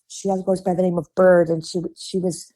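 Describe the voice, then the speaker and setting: Warm-voiced Midwestern actress telling stories. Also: female voice, lowish voice, normal speed. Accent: Midwestern American. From Chicago, US. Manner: chatty and animated, laughs often, acts out quoted voices. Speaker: podcast guest, actress. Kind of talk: casual interview storytelling.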